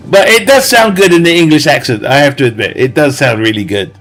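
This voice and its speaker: A man's voice: fairly high pitch, animated, a little slow, sharp tone, faint music behind. A man giving casual, joking gameplay commentary and laughing often. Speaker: gamer.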